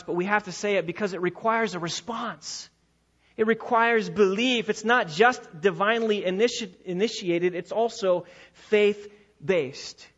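A pastor delivering a sermon in a church, emphatic and repeating key phrases, slowing down to stress his points. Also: high-pitched, a bit bright. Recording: dull lo-fi recording.

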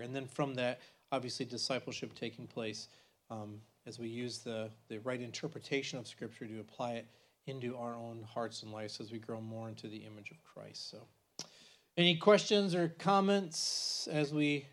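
A man's voice: mid-range voice, normal speed. A man in his forties teaching a church bible class in a conversational way, with many restarts and frequent "right?" checks.

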